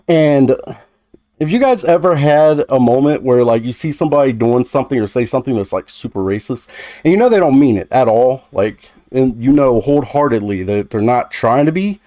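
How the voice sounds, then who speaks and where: A man's voice: medium pitch, dark tone, dry recording, clean studio sound. A young man telling a personal story on his gaming vlog, talking in a loose, conversational way with lots of fillers and restarts. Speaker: gaming YouTuber.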